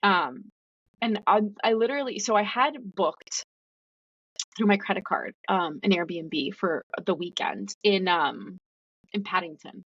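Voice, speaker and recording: A woman's voice: medium pitch, a little slow, fairly bright tone, husky, no room sound. A woman guest telling her story in a casual, chatty way, full of "like" fillers. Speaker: podcast guest. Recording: dull, dry lo-fi recording.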